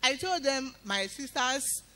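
A woman giving an emphatic spoken testimony in church, breaking into loud praise. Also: high-pitched, lively intonation, takes it slowly.

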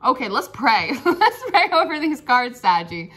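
A woman's voice: high-pitched, big pitch swings, unhurried, few pauses, a bit bright. A woman giving a casual tarot reading, chatty and playful, often laughing and breaking into song. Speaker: tarot reader.

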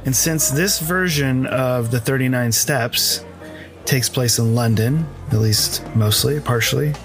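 A man's voice: mid-range voice, unhurried, a bit bright, soft background music. An American man hosting a casual podcast chat, rambling with lots of fillers and easy laughs. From United States. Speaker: podcast host.

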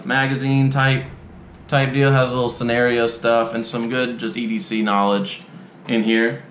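Young guy, casual product-review vlogger, laid-back drawl, roomy echo, faint hum. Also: mid-range voice. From Texas. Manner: relaxed, drawling, frequent ums and uhs. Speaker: unboxing vlogger. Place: dim indoor room.

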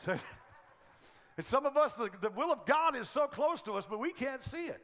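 A middle-aged man preaching a sermon as pastor of a church, telling humorous stories in an animated way. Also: very high voice, fairly quick.

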